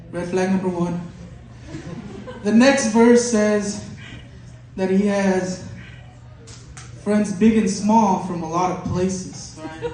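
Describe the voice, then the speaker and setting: A man doing a stand-up bit, excitable and working himself into mock panic. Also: high-pitched. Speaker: stand-up comic. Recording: echoey room from a distance.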